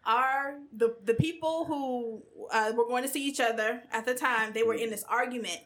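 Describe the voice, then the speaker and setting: A woman in her thirties telling stories in a casual chat, animated and acting out quotes. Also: fairly high pitch, normal speed. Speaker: guest.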